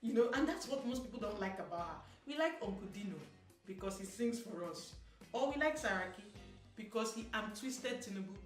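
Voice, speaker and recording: A Nigerian woman giving sassy, animated opinion commentary as a vlogger, slipping into Pidgin. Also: medium pitch, a little fast. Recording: roomy echo, mic at a distance, soft music.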